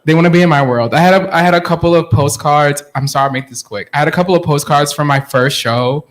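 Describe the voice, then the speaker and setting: A man's voice: fairly high pitch, fast talker. A man in his thirties telling stories casually on a panel, chatty and laughing often. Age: 30s. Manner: chatty, laughs often, mimics family voices. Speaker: guest artist.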